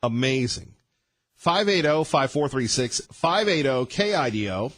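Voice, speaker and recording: A man hosting a morning talk radio show, delivering rapid-fire sarcastic opinions. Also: mid-range voice, expressive, a bit bright, no echo. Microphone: studio microphone.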